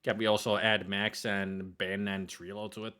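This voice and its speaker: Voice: low voice, little pitch movement, moderate pace, a bit bright. A player chatting and joking with exasperation while voicing a story game. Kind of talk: casual banter over a game playthrough.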